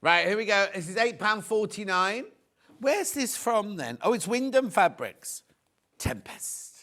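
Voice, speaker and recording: A middle-aged man presenting on live shopping TV, with a voice that sits fairly high for a man. He swings his pitch up and down a great deal. He is chatty and jokey and tends to wander off into stories. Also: expressive, measured pace, a bit bright. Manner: chatty, jokey, rambling into anecdotes.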